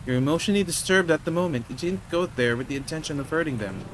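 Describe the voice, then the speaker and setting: A man voicing a calm male detective who talks a suspect down in a steady, reassuring way. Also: fairly high pitch, quick pace, background noise, close to an everyday voice. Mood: persuasive. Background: game music and rain.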